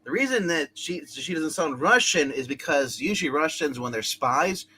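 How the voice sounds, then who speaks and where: Wisecracking, bright-voiced podcast co-host. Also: medium pitch, expressive, normal speed, breathy edge. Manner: jokey, wisecracking. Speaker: comic reading podcast co-host. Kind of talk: casual group chat.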